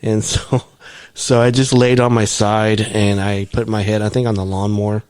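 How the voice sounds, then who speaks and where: Brief: man, low voice, dry close sound, casual rambling podcast co-host. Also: level tone, darkish tone, clean tone, dry recording. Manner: rambling, halting, frequent restarts. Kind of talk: casual chat.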